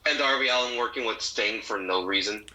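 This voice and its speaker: A man's voice: lowish voice, fairly quick, sharp tone, low-quality recording. A man co-hosting a casual podcast, chatting with wry jokes. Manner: wry, joking. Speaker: podcast co-host. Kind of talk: casual chat.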